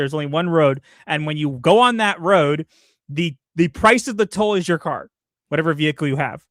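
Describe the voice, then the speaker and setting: A man's voice: sits high, a bit bright, no echo, studio quality. A man co-hosting a livestream, reading out viewer messages in a casual, playful way, with frequent stammered restarts. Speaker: livestream co-host.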